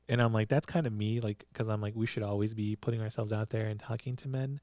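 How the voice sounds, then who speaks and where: Male podcast host, casual giggly recap voice, mellow tone, close dry sound. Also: mid-range voice, quick pace, few pauses, no echo. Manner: giggly, animated storytelling with frequent laughs. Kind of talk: casual chat recapping a TV drama. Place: small studio with a producer present.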